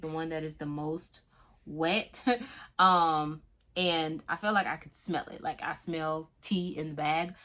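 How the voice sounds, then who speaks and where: A young Southern woman from Florida talks her way through a casual fragrance review, emphatic and chatty, with many fillers. Her voice sits a little low but sounds bright and forward. She keeps checking in with the listener as she goes. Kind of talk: casual product review vlog.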